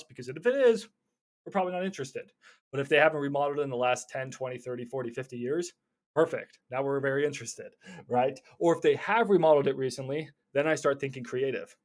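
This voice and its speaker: A young man teaching casually about cold calling, acting out both sides of phone calls in lively voices. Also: medium pitch, fast talker. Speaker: real estate wholesaling coach.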